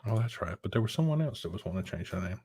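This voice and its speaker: Man, podcast co-host, low voice, dry sound, rambling, animated rants. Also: rapid-fire, husky, dry recording. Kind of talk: casual chat.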